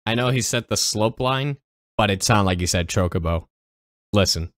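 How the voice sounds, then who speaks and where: A man hosting a reaction video, cracking jokes and exclaiming loudly, then muttering asides. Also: on the low side, moderate pace. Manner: exclamatory, joking, swings between loud and mumbled. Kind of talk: comedic reaction commentary.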